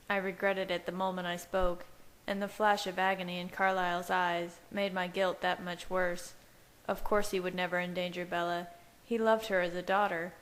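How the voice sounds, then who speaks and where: A woman reading a fanfiction chapter aloud in steady first-person narration. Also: on the low side, normal speed, poor audio. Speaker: fanfiction reader. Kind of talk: amateur audiobook reading.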